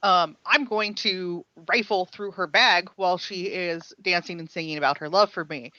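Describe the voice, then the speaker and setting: A woman's voice: fairly low pitch, normal speed, pushed and bright, dry recording, highs cut off. A woman playing a tabletop game, cheeky and matter-of-fact. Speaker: player.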